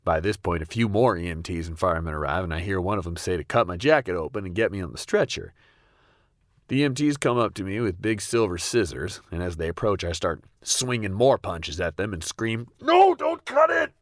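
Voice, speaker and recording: A young man narrating a comic personal story in a wry, deadpan way. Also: sits low, brisk, no echo, clean studio sound. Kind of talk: comedic first-person storytelling.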